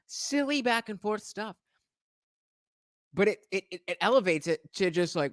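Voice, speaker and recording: Lively, rambling American man host. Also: high voice, normal speed, long pauses, dry recording, studio quality. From United States. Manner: rambling, many filler sounds and restarts. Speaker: host reacting to clips. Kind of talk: casual commentary.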